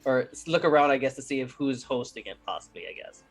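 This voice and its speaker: A man's voice: medium pitch, animated, fast, husky, soft background music. A man playing a tabletop role-playing game who describes his character's actions and often hesitates and restarts his sentences. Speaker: player. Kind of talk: casual tabletop role-play.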